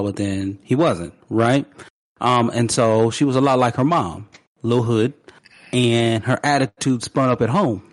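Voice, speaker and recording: A man's voice: lowish voice, dry recording. A man hosting a podcast, casually telling a family story. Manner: relaxed storyteller, frequent agreeing interjections. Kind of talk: casual chat.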